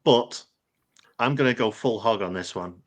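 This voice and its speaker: A man's voice: fairly low pitch, moderate pace. A man playing a tabletop game, methodically talking through his actions and dice rolls. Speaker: player.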